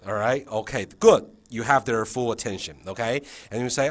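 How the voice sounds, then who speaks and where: Lively man coaching a trainee teacher. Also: medium pitch, a little fast, few pauses. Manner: checks in constantly, many fillers and restarts. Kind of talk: casual training session.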